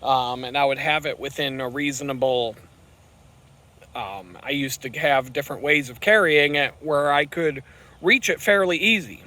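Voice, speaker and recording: Male vlogger, profane rambling rant while cycling outdoors, bright forceful voice. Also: medium pitch, moderate pace. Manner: profane, ranting. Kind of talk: rambling vlog while riding. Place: outdoors on a bicycle on the road.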